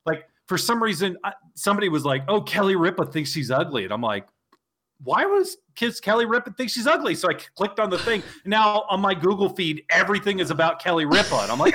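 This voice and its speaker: A man's voice: sits high, big pitch swings, fairly quick, sharp tone. A man chatting casually as a podcast co-host, jokey and rambling. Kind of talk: casual chat.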